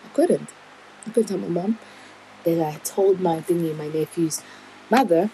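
A woman's voice: on the low side, measured pace, mellow, a little hiss or hum, low-quality recording. A young woman telling a personal story in a candid, rambling, emotional way. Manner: candid, rambling, emotional retelling with nervous laughs.

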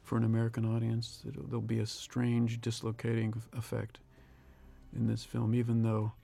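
A man, a film director, giving a reflective audio commentary, thinking aloud with pauses and restarts. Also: mid-range voice, completely flat delivery, gravelly, warm tone.

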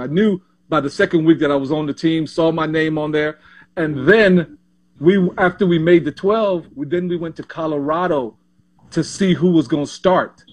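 A man in his sixties tells his stories in a fairly high voice. He is animated and quick to repeat and restart his words as the memories spill out. He speaks as a guest in a relaxed interview. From Panama. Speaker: former pro basketball player, guest. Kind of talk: casual interview storytelling.

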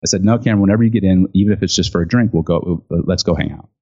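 A man telling a story in an interview, animated and chatty, acting out other people's lines with lots of fillers. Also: low voice, very fast. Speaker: guest, speaker and author on gifting. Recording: dull lo-fi sound.

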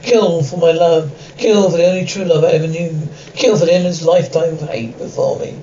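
An actor voicing a vengeful, grieving vampire lord who gives slow, commanding threats in an animated series, heard in muffled, lo-fi film audio. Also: male voice, on the high side, slight background noise, lightly acted.

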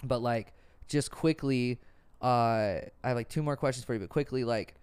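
A man's voice: medium pitch, normal speed, a little mellow, clean tone. A young man hosting a casual podcast, telling earnest stories peppered with swearing. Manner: earnest, profane storytelling. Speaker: podcast host.

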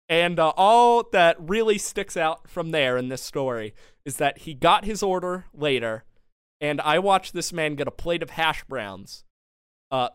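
A man's voice: fairly high pitch, a bit bright, clear, resonant tone, dry recording, studio quality. A young man hosting a podcast, telling a long story in casual chat and laughing often. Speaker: podcast co-host. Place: home studio.

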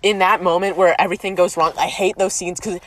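A woman's voice: lowish voice, steady tone, quick pace. A young woman co-hosting a podcast, chatting casually, joking, swearing and slipping into silly voices. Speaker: podcast co-host. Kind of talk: casual chat.

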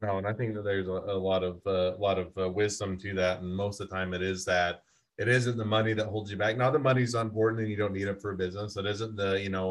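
A man's voice: low voice, fairly bright tone. A man hosting a podcast interview, talking in a thoughtful, rambling way with fillers. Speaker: podcast host. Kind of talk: interview conversation.

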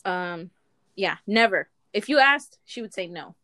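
Telling comic school stories in a relaxed conversation, a young woman speaks at a measured pace in a medium-pitched voice. Her animated storytelling is full of profanity and broken up by laughter.

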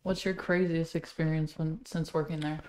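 A woman who is a guest on a podcast, quietly chiming in to agree and add short comments. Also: deep voice, flat delivery, moderate pace, a little hiss or hum, low-quality recording. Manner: soft interjections, agreeing and adding comments. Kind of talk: casual chat.

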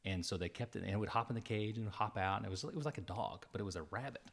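A man's voice: lowish voice, very fast, gravelly, a bit bright, breathy edge. A man co-hosting a podcast, rambling through a story in casual chat and laughing often. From New Mexico. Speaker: podcast co-host.

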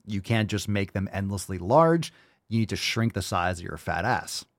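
A man's voice: fairly low pitch, animated, normal speed, no room sound. Blunt, mocking male host, dry sound. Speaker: livestream show host. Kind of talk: casual reaction commentary.

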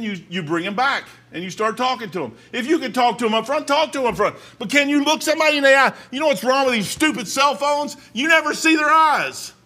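High, bright-voiced folksy male preacher. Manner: folksy, storytelling, swings from quiet asides to loud exhortation. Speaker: pastor. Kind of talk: sermon.

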